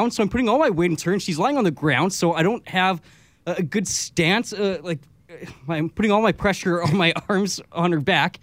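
A man on a radio talk show tells an embarrassing story about himself. He sounds sheepish and giggly, and his voice is high. The sound is dry and close. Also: fairly quick, a bit bright, no echo.

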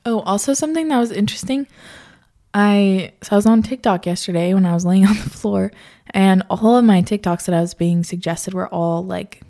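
A woman's voice: mid-range voice, normal speed, warm tone. A woman vlogger talking in a rambling, candid casual chat, full of fillers and swearing.

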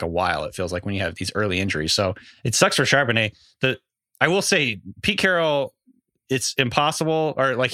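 A man co-hosting a casual sports podcast, explaining player news in a relaxed, chatty way. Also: on the low side, no echo, clean studio sound. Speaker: podcast co-host, fantasy analyst.

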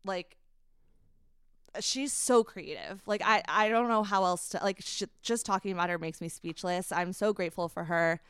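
A young woman, a company founder, telling an emotional personal story as a podcast guest, halting with many fillers. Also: on the low side, fairly bright tone, clear, resonant tone, no room sound, clean studio sound. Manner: halting, many fillers, laughs while recounting.

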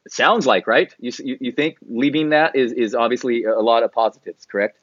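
A man co-hosting a podcast, asking quick, hesitant follow-up questions in casual chat. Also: medium pitch, fairly even intonation, dry recording, dull audio. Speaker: podcast co-host.

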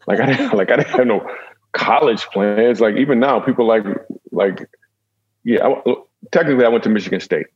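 Husky, lowish man, comedian guest, jokey storyteller, dull lo-fi recording. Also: brisk, a little mellow. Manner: jokey, with self-deprecating asides. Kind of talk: humorous storytelling in a conversation.

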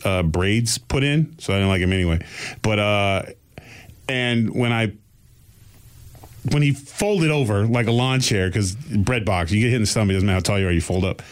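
A man co-hosting a podcast who tells a long story casually, in a loose, rambling way full of fillers like "like" and "right?". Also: on the low side. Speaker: podcast co-host.

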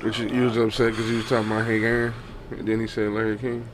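A man's voice: on the low side, little pitch movement, fast talker, over a noisy crowd. A man co-hosting a podcast in casual chat, insistent in argument and stammering when he gets going.

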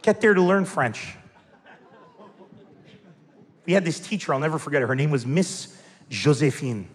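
A man performing stand-up comedy storytelling, animated, bursting into loud shouts as he acts out characters. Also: fairly high pitch, normal speed. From Lebanon. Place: large venue with a live audience. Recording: echoey hall with crowd laughter.

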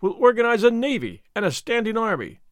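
Guy reading as a brash young consul, big talk, high lively voice, dry sound. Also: a little fast, no echo. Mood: enthusiastic. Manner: forceful, boastful declarations. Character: bold boastful young American consul, man.

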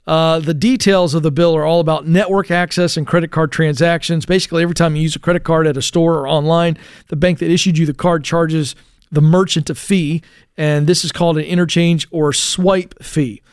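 A man's voice: a little high, steady tone, fairly quick, clear, resonant tone, no room sound, clean studio sound. A man hosting a talk radio show, explaining a news story in a chatty way with asides and fillers. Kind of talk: casual talk radio chat.

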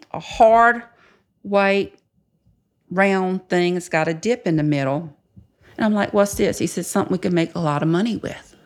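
An older woman telling her story bluntly in an interview, swearing freely and acting out what others said. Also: fairly low pitch. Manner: blunt, profane, quotes others in lively voices. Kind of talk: candid storytelling.

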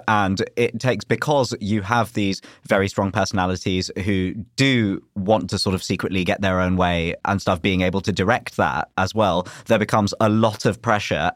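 A man's voice: on the low side, no echo, studio quality. A man hosting a podcast, chatting casually with lots of hedges and fillers. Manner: hedging, loose with filler words. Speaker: podcast host.

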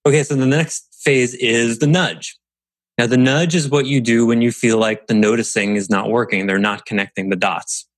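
A man giving a casual instructional talk as a business coach, explaining in a relaxed, conversational way and acting out little bits of quoted dialogue. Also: mid-range voice, moderate pace, no room sound.

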